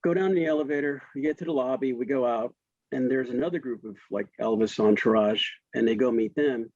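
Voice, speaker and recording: Man in his fifties, middle pitch, chatty storyteller, dry slightly dull recording. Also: brisk, darkish tone, dry recording. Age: 50s. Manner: chatty, laughing, frequent restarts. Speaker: interview guest. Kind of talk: casual storytelling.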